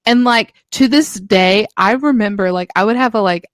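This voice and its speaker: Twentysomething woman cohosting a podcast, casual and sweary, mid pitch, dead dry mic. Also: normal speed, dry recording. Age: 20s. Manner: laid-back, swears often, acts out her past self. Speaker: podcast co-host. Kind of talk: casual chat.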